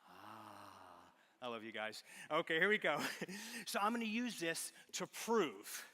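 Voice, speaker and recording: A man's voice: high-pitched, very animated, normal speed, bright, forceful tone. A man giving a live stage talk as a magician, joking with a volunteer and then telling stories from his childhood. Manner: playful, teasing with a volunteer, then reflective storytelling. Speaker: magician and speaker. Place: large auditorium with audience. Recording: long hall reverb.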